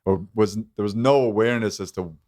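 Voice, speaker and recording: A man who is a comedian guest on a podcast, talking in a quick, reflective, chatty way. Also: lowish voice, fairly even intonation, darkish tone, dry recording, clean studio sound. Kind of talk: casual podcast chat.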